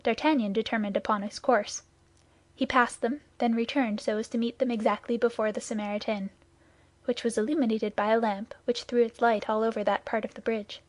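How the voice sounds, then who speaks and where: A woman narrates a classic audiobook in a steady, measured way. Her voice sits a little higher than most, recorded close and dry with no room sound. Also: dry recording. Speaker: audiobook reader. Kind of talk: scripted narration.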